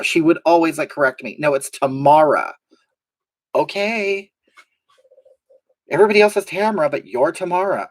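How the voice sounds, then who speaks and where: A woman hosting a live stream, reading out viewer comments in a sassy, drawling, mock-sincere way. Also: on the low side.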